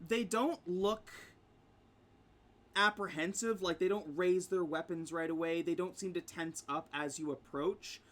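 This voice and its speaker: A man's voice: high-pitched, pushed and bright. A man narrating as game master for a tabletop game, with frequent ums and easy laughter. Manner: laughs often, many ums.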